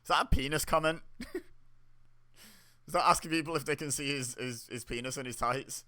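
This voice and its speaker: A man's voice: a little high, moderate pace, sharp tone. A young man giving casual, chatty commentary while watching a wrestling show, reacting aloud with laughs and exclamations. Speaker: wrestling watch-along host.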